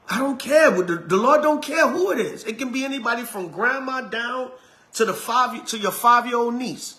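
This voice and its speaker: Middle aged guy preaching, high bright voice, casual and emphatic, keeps repeating himself. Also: animated, normal speed. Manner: emphatic, repetitive, colloquial preaching. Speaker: elder and preacher. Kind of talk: sermon.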